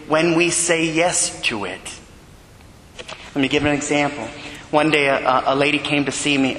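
A man, a Catholic priest, preaching a sermon with earnest storytelling. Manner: earnest storytelling preacher, rising animated when retelling dialogue. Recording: echoey church hall with long reverb and faint rumble.

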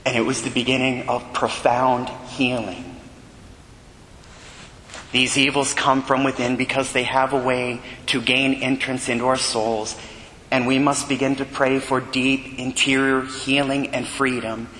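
A man, a Catholic priest, preaching a sermon with earnest storytelling. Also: measured pace. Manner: earnest storytelling preacher, rising animated when retelling dialogue. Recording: echoey church hall with long reverb and faint rumble.

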